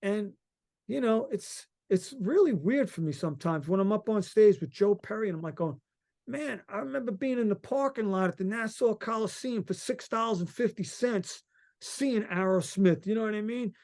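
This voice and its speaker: A middle-aged man from Long Island, a musician guest telling stories in a rambling, excited way and swearing freely. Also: high-pitched, moderate pace. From Long Island, New York. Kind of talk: casual interview chat.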